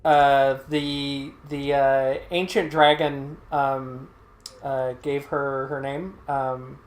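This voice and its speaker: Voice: mid-range voice, flat delivery, drawn-out words, echoey room. A let's play host casually recapping a game's story, full of fillers and hesitations. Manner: hesitant, many fillers, explains patiently.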